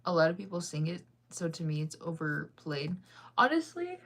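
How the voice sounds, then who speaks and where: A woman's voice: on the low side, very animated, normal speed, fairly bright tone. A young woman chatting casually with her viewers while she reads comments, laughing often. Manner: chatty, laughs often, sings snippets off-key. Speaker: livestreamer reading comments.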